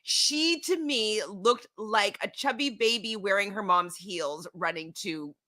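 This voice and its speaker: A woman's voice: mid-range voice, a little slow, pushed and bright. A woman co-hosting a casual recap show, giving giggly commentary full of fillers.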